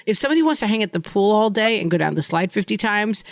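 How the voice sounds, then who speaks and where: A woman in her forties co-hosting a podcast, telling lively stories with a voice that swings widely in pitch. Her voice is mid-pitched, and the studio sound is dry and close. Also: fast, dry recording. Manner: animated storyteller, acts out quotes in high voices. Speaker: podcast co-host. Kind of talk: casual chat.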